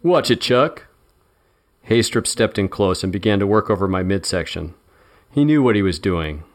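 Male narrator with a lowish voice for a first-person audiobook. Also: brisk.

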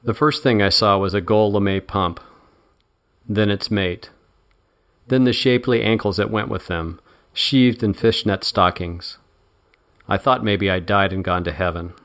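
Man, audiobook narrator, low voice, wry, measured. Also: fairly even intonation, a bit bright. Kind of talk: first-person audiobook narration.

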